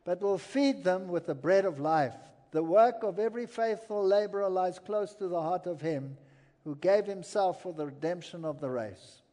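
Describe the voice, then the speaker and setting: A man's voice: high voice, normal speed, dark tone. A man preaching a sermon to an audience, earnest and emphatic, telling stories between points. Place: large hall with an audience. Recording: long hall reverb.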